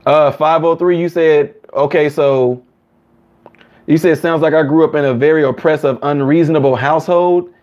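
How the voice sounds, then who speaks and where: A man with a fairly high voice hosts a casual live chat, answering viewers in an animated way. He slips into higher voices to act out what others say, and the sound is dull and lo-fi. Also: normal speed. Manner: animated, acts out quotes in higher voices, laughs often.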